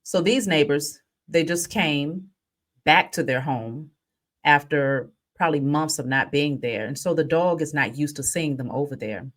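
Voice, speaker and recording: A woman with a fairly low voice talks casually through a spiritual reading. She slips into lively, animated storytelling and speaks directly to her viewers. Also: a little slow. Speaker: spiritual reader. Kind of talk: casual spiritual vlog talk.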